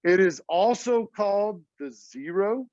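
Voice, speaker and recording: A man's voice: sits high, lively intonation, unhurried, a little mellow, no room sound, muffled recording. A middle-aged man, a math teacher talking casually to his class in a classroom. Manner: chatty, casual and talkative, addresses the class as y'all.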